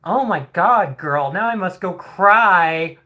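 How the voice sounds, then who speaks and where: A woman's voice: on the low side, animated, slow, bright, forceful tone, voice pushed up, full character voice. A trans woman streamer putting on a sarcastic impression of a gushing, easily insulted teenage girl from her chat. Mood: mock outrage. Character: mocking impression of a shrill teen hater girl.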